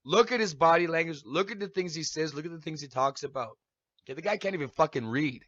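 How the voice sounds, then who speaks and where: High-pitched, tense, ranting man. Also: animated, fast, fairly bright tone, no echo. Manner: heated, accusatory, repeats "okay?". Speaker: live-stream vlogger. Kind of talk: angry profane rant. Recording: dull lo-fi live-stream audio.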